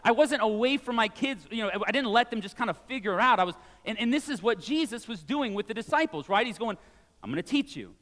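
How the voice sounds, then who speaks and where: A man in his forties preaching a sermon in a church, conversational and animated, with casual asides. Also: very high voice, fast talker, hardly any pauses, long reverb tail. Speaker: pastor. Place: church sanctuary.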